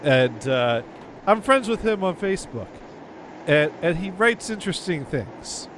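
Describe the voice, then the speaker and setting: A man's voice: fairly high pitch, sing-song, measured pace, a bit bright, slight background noise. A man hosting a casual radio show, chatting about old records with a rambling manner, often repeating words and chuckling.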